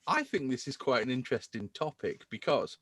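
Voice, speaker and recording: A man's voice: mid-range voice, fairly quick, no room sound. A man hosting a podcast in casual chat, enthusing about beer. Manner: enthusiastic, animated beer talk. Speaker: podcast host.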